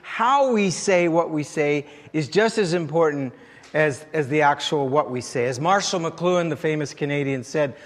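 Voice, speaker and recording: Conversational pastor in a reverberant church. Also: male voice, a little high, normal speed. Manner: conversational, anecdotal. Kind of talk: sermon. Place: church sanctuary.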